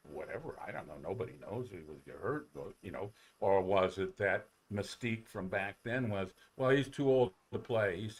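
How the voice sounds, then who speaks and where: A man, a former ballplayer, telling rambling, animated stories on a sports talk show, with many restarts. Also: on the low side. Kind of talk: casual storytelling on sports talk radio.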